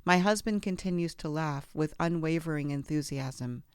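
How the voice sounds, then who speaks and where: A woman podcast host reading a memoir aloud in a measured, expressive way on a close studio mic. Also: deep voice, smooth, no room sound.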